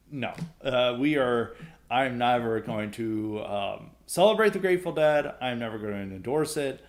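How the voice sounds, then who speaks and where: A man's voice: mid-range voice, expressive, moderate pace. A young adult man hosting a solo opinion podcast, sarcastic and blunt, laughing often as he rants. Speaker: podcast host.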